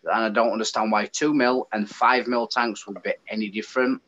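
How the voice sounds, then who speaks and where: A man from the United Kingdom with an English accent speaks in a lowish, brisk voice, chatting casually as a guest and ranting with animated feeling. The recording sounds dull and lo-fi, with a little hiss or hum.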